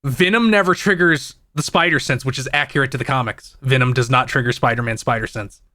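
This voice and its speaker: A man's voice: medium pitch, brisk, sharp tone. A man co-hosting a casual podcast, explaining comic continuity in nerdy detail. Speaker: podcast co-host.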